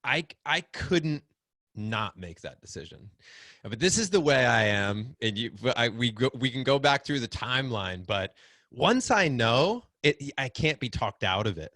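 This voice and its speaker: A middle-aged man telling a story in casual conversation, acting out quotes with big swings in pitch. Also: measured pace, dry recording. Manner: animated, acts out quotes with big pitch jumps. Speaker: podcast guest, fatherhood group founder.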